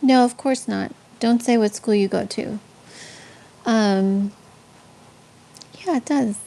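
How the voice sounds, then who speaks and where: A woman's voice: on the high side, slow, creaky, dark tone. A woman from Texas with a Tex-Mex accent hosting a live stream, chatting with viewers and telling faith stories, with lots of ums and restarts. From San Antonio, Texas. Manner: chatty, answers chat comments, frequent ums and restarts.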